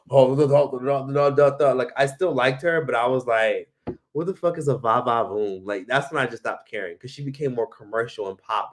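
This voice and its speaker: A man hosting a live stream, chatting casually, swearing freely and reading viewer comments aloud. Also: medium pitch.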